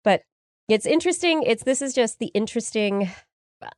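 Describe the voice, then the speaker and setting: Woman, podcast co-host, speculative and musing, trails off, slightly high, dry sound. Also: expressive, fairly quick, a little mellow, dry recording. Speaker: podcast co-host presenting a news segment. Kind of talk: casual science podcast chat.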